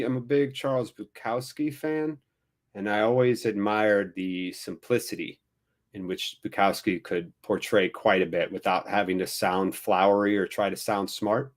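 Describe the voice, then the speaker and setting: A man's voice: fairly low pitch, fairly even intonation, moderate pace. A man hosting a live football watchalong, giving wry, self-deprecating commentary on the match. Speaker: watchalong host.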